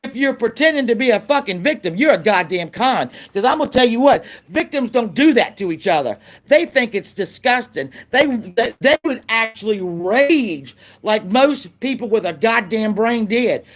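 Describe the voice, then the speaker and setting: A woman's voice: on the high side, expressive, normal speed, few pauses. A woman ranting on a livestream in an angry, profane, confrontational way, repeating lines for emphasis. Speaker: YouTuber. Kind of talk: livestream rant.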